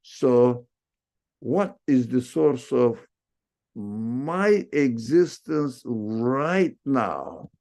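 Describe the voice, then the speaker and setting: A man teaching a religious lesson in an unscripted, reflective way. His voice has a gravelly edge, and he speaks slowly, often circling back to rephrase a word with a quick "uh". He sits at an ordinary middle pitch. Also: lively intonation, mellow. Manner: reflective, repeats and rephrases words, frequent fillers. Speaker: Islamic teacher.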